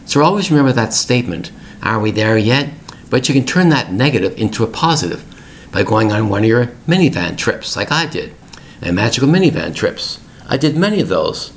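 A man's voice: mid-range voice, big pitch swings, brisk, a little hiss or hum. A middle-aged man hosting an English-learning podcast, telling a family story in plain, repetitive words for learners.

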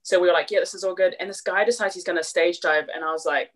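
A young woman with a New Zealand accent, a podcast guest telling stories in casual chat, quick and full of fillers. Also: fairly low pitch. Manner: rapid, animated storytelling with many fillers.

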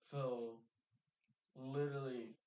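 A man co-hosting a podcast, telling a school story in relaxed slang. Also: mid-range voice, slow pace, muffled recording. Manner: laid-back, slangy, laughs through stories. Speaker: podcast co-host. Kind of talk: casual storytelling chat. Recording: echoey room with faint noise.

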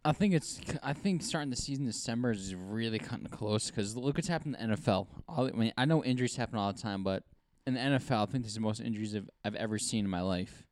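A man's voice: lowish voice, lively intonation, fast, few pauses, darkish tone, no echo. A man co-hosting a casual sports podcast, rambling eagerly through his opinions. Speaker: podcast co-host.

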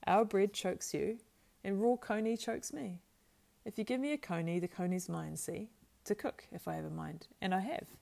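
A woman's voice: mid-range voice, moderate pace, gravelly, mellow, natural voice. A woman voicing a practical, stout-hearted young male hobbit who talks bluntly and scolds in a homely way, in an audiobook. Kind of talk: audiobook character voice.

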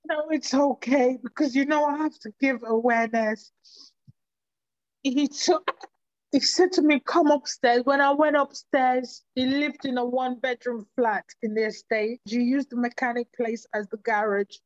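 A woman giving halting, emotional personal testimony in an interview. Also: fairly high pitch, steady tone, no echo, highs cut off. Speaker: interview guest.

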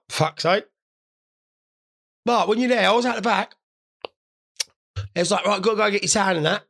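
Young man, solo host, gravelly and bright, jokey and sweary. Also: high-pitched. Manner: rambling, sweary, jokey storytelling. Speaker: podcast host. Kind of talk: casual solo monologue.

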